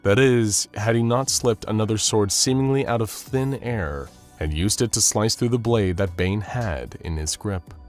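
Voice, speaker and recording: A man narrating a scripted action story in a steady, dramatic storytelling manner. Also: fairly low pitch, moderate pace, hardly any pauses, soft background music.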